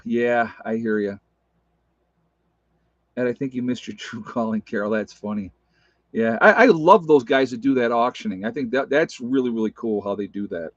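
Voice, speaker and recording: On his livestream, a man chats loosely with his audience, replying to comments between tangents. His pitch is medium, the sound has no echo, and the recording has a dull, lo-fi stream quality.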